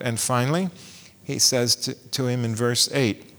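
A man's voice: mid-range voice, unhurried, fairly bright tone, in a large hall. A man preaching a sermon, posing rhetorical questions and reading scripture aloud.

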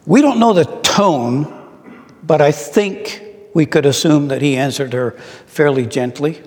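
A middle-aged man preaching a sermon, slow and reflective, asking his listeners questions. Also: a little high, darkish tone. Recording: long reverb in a large hall.

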